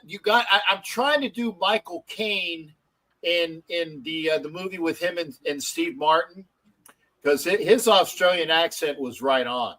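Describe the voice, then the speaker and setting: A man's voice: a little high, unhurried, fairly bright tone, poor audio. Rambling, cussing male stream host. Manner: rambling, swears, many false starts. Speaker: show host. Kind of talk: casual live-stream chat.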